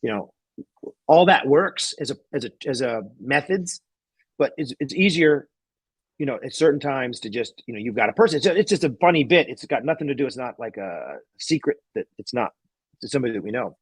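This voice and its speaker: A man's voice: medium pitch, animated, brisk, slightly rough, no room sound. A man, a guest magician, telling a rambling anecdote in casual chat, laughing often and restarting sentences.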